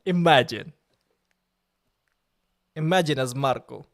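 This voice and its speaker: A man's voice: medium pitch, slow, creaky, a bit bright. A man chatting casually on a live stream, joking and laughing at himself. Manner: joking, laughs often, self-mocking.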